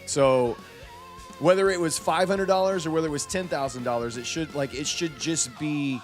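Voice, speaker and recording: A man's voice: a little high, normal speed, soft background music. A man hosting a live trading stream, venting about a late payout and greeting viewers from chat one by one. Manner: frustrated ranting, then rattling off chat names.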